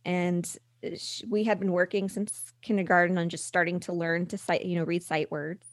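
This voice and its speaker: A middle-aged woman speaking candidly as a guest, halting and restarting, sometimes acting out what others said. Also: fairly low pitch, little pitch movement, no echo, studio quality. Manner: candid, halting with restarts, acts out quoted voices. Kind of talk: conversational podcast interview.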